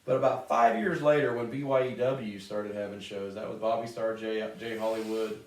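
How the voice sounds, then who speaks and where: A man's voice: lowish voice, steady tone, normal speed, slight background noise. A man co-hosting a casual wrestling talk show, telling stories and teasing his co-host with lots of swearing. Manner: profane, teasing banter. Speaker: podcast co-host. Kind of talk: casual chat. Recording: roomy echo, distant mic.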